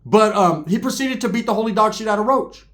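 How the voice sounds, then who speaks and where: A man's voice: sits high, brisk, fairly bright tone. A man casually telling profane stories about prison and gang life in street slang, often tagging his lines with "right?".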